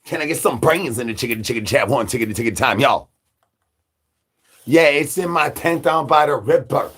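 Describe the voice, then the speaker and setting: A husky-voiced man hosts a livestream in the persona of a hungry zombie. He rambles loosely, looping sing-song catchphrases and crude jokes at a mid pitch. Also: animated, moderate pace, fairly bright tone. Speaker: livestream host.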